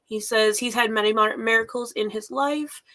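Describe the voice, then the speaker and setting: A woman's voice: on the high side, fairly even intonation, moderate pace, bright, forceful tone. A woman co-hosting a casual online chat, reading a viewer's story aloud and laughing easily. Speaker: co-host.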